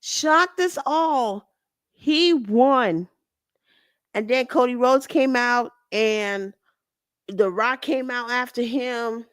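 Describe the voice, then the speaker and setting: A woman hosts her own show, speaking very slowly in a slightly high, clear, resonant voice with clean studio sound and no echo. Animated and rambling, she talks through a wrestling recap, often correcting herself.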